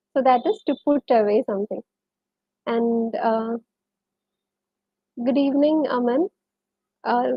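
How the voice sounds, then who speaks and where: A woman with a Malayali English accent teaching a live-streamed English lesson, switching between English and Malayalam and greeting viewers by name. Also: no echo. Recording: muffled, low-fidelity stream audio.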